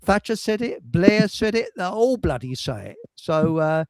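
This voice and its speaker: A man's voice: high voice, very animated, moderate pace, smooth, no echo, poor audio. A man hosting a livestream chat show, rambling and cheeky, swearing and laughing at his own jokes. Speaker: livestream host. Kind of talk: casual chat.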